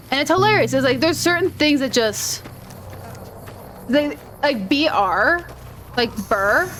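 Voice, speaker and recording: A woman's voice: high-pitched, a bit bright, slight background noise. Chatty Minnesotan woman gaming. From Minnesota, USA. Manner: rambling, chatty, playfully cursing. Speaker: gaming video host. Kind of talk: casual chat over gameplay.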